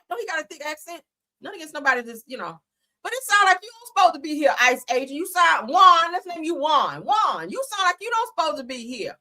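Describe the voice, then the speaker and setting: A woman's voice: high voice, big pitch swings, brisk, sharp tone. A woman hosting a livestream, giving casual, slangy commentary and laughing often. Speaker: livestream host.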